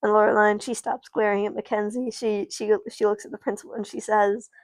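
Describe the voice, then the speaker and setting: A woman streamer improvises a rambling story while playing with dolls, correcting herself and swearing along the way. Her mid-range voice is flat and fairly quick, with no room sound.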